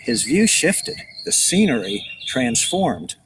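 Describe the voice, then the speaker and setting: A man's voice: mid-range voice, very animated, takes it slowly. A man, an author, reading his book aloud to children outdoors, adding casual asides. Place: outdoors among trees by beach. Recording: distant outdoor mic, birdsong noise.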